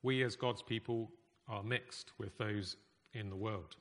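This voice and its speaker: A man preaching a sermon in a conversational, emphatic way, with pauses. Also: lowish voice, fairly even intonation, fairly bright tone, slight background noise. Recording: echoey hall reverb.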